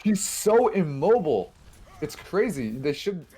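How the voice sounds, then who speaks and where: A man casting a live esports match with quick, excitable play-by-play and frequent restarts. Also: fairly high pitch. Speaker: esports caster.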